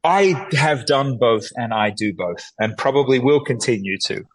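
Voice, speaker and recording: A man's voice: mid-range voice, animated, normal speed, poor audio. A man guest in an interview, talking earnestly and animatedly, often restarting sentences and acting out little quotes. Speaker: guest, musician and filmmaker. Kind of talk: reflective conversational interview.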